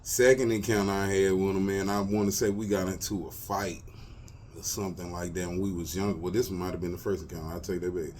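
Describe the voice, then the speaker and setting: Low-voiced man telling stories. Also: fairly even intonation, fairly quick, darkish tone, slight background noise. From Texas, US. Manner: loose slangy talk, lots of "you feel me". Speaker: show host. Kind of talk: casual personal storytelling.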